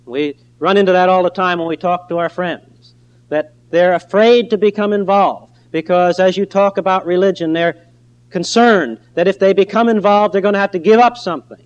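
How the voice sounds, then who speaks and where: Guy preaching a sermon, earnest, kinda high voice, leans hard on key words. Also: highs cut off. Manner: earnest, emphatic, slows down on key phrases.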